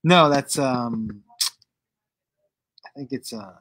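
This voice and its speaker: A middle-aged man hosting a casual live show while high, talking in a loose, giggly, rambling way. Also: takes it slowly, a bit bright, no echo. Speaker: host.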